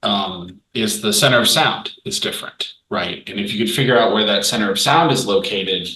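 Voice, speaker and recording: A man's voice: lowish voice, moderate pace. Man explaining, distant and echoey. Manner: explains things at length, animated. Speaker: player. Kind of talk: casual tabletop game chat. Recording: echoey room, distant from mic.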